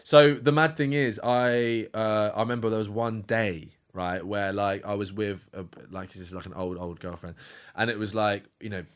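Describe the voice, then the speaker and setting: A man in his thirties, a podcast guest telling animated stories in casual chat, swearing and laughing as he goes. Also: on the low side, moderate pace, few pauses, clean tone.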